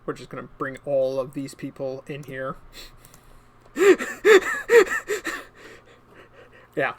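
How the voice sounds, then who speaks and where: Slow, lively-voiced game master narrating. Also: medium pitch, breathy edge. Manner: relaxed storytelling, often laughing.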